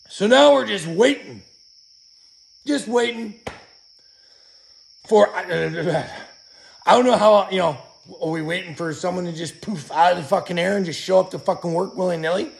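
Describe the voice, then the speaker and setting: A man rants bitterly outdoors in a profane, shouting monologue, his voice hoarse from yelling. His voice sits high for a man and is deeply gravelly. His frustration drives every line. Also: moderate pace, pauses often. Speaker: channel host. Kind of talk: angry venting monologue.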